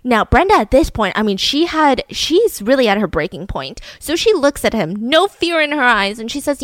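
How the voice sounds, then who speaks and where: Woman, host, casual storytelling, acts out voices, higher voice, dry recording. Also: moderate pace, few pauses, dry recording. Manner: animated, acts out quoted voices.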